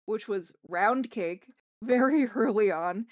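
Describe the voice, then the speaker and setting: A woman's voice: medium pitch, slow pace, no room sound, studio quality. A young woman from Canada with a mild Canadian accent, chatting casually with her livestream viewers in a rambling, self-correcting way. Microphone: streaming microphone.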